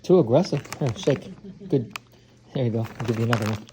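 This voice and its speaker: A man's voice: medium pitch, brisk. A man filming at home, talking to his pets in a playful, teasing way, like he would to kids. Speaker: pet owner filming at home. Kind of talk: casual home video chat. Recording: noisy home video.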